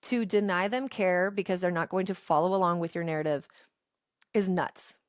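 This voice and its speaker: A woman in her thirties co-hosting a podcast, talking in an emphatic, opinionated, animated way. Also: fairly low pitch, moderate pace, no room sound, clean studio sound. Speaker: podcast co-host. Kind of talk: casual chat.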